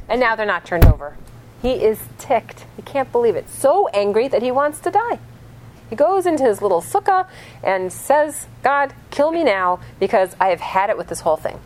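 Animated woman teaching a class. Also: medium pitch, a little hiss or hum, low-quality recording. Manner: animated storyteller, asks the class questions. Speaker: religious teacher. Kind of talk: lively classroom lesson.

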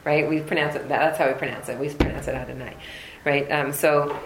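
A woman's voice: sits low, fairly quick. Woman teaching a text study class. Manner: explanatory, animated asides, frequent "right?". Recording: roomy echo, faint room noise.

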